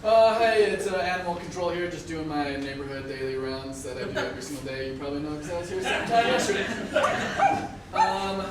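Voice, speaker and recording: A man's voice: on the high side, expressive, a little fast, heavy background noise, lightly acted. A man playing a rambling male animal control officer in live improv comedy, repeating himself. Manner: rambling, repetitive. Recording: echoey stage from far off with audience.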